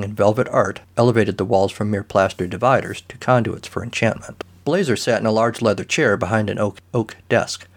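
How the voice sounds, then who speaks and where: A man narrating a comic story in a dry, deadpan manner. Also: on the low side.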